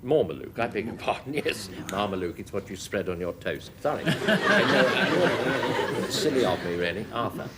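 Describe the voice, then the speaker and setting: A man chairing a panel game show with a brisk, wry manner. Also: lowish voice, sing-song. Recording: noisy 1980s TV studio with audience.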